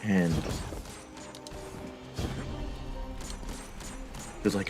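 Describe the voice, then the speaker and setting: Very deep-voiced rambling male streamer. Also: fairly even intonation, measured pace. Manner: rambling, profane, mock-philosophical storytelling. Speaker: live streamer. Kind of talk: casual chat while gaming. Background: game music.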